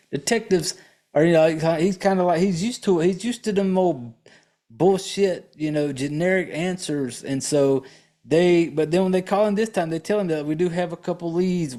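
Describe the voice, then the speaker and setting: A man's voice: a little high, a little mellow. A man hosting a podcast, recapping a horror film in a casual, blunt and profane way, rambling with fillers and restarts and talking straight to his listeners.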